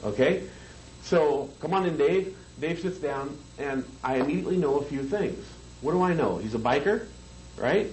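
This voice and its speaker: A man's voice: a little high, lively intonation, moderate pace, a little mellow, slight background noise, low-quality recording. A man teaching a hypnosis seminar, lecturing conversationally and checking in with the room. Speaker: hypnosis trainer.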